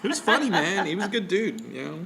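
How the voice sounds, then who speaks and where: A man's voice: sits high, sing-song, fast, vocal fry, a crowd in the background. A man co-hosting a casual podcast chat, joking and teasing, laughing often. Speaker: podcast co-host.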